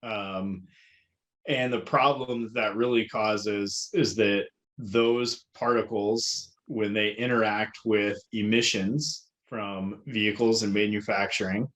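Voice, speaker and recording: A man co-hosting a casual podcast, explaining things in a measured way with a lot of ums and restarts. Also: on the low side, fairly even intonation, fairly bright tone. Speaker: podcast co-host.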